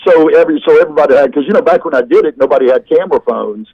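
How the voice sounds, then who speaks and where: A comedian guest on a video call, telling rambling, self-deprecating stories in casual chat. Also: male voice, fairly high pitch, rapid-fire, narrow, tinny audio.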